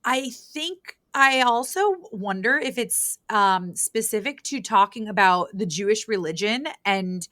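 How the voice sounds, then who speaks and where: A woman's voice: mid-range voice, animated, measured pace, hardly any pauses, fairly bright tone, no echo, studio quality. A woman guest-hosting a podcast in casual chat, rambling playfully through stories and asides.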